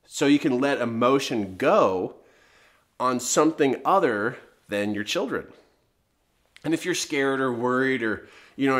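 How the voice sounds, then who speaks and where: A middle-aged man coaches parents in an emphatic, motivational teaching talk. His pitch swings widely from low to high as he presses his points with rhetorical questions. The voice sits at an ordinary middle height.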